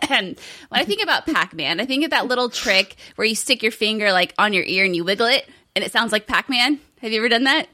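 A woman co-hosts a gaming show with a playful, joking way of talking, often turning to the live chat. Her voice is bright and forceful. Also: a little high, lively intonation, fast talker. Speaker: co-host of a gaming news show. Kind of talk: casual chat.

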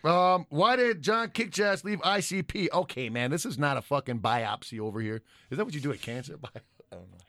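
A man's voice: on the high side, lively intonation, brisk, sharp tone, no room sound. A man co-hosting a podcast, reading listener messages in casual, profane banter and laughing often. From United States. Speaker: podcast co-host.

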